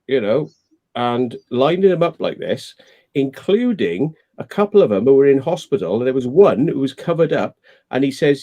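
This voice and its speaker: A man's voice: mid-range voice, animated, fairly quick, warm tone. A man chatting casually on a live stream, ranting and swearing freely as he gives his opinions.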